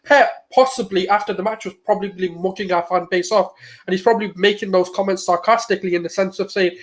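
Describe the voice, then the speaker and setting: A man on a casual podcast, opinionated and animated. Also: high voice, fast talker, poor audio. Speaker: co-host.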